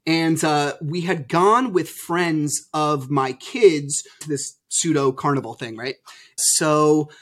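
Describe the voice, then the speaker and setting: A man as a podcast guest, telling his story candidly over a video call and acting out old arguments with sudden loud bursts. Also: a little high, slow pace. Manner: animated, acts out past arguments.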